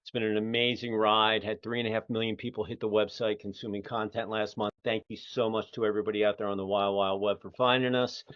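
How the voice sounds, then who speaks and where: Speaking fast and hardly pausing, this middle-aged Philadelphia-area podcast host has a lowish, clear, resonant voice with little pitch movement and a Philadelphia accent. His casual interview show is folksy and rambling, full of fillers, on muffled lo-fi audio with no echo.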